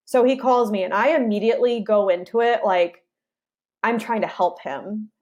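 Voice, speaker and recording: A woman's voice: mid-range voice, moderate pace, a little mellow, dull audio. A young woman, an interview guest, telling a personal story in a casual way and acting out her side of past conversations.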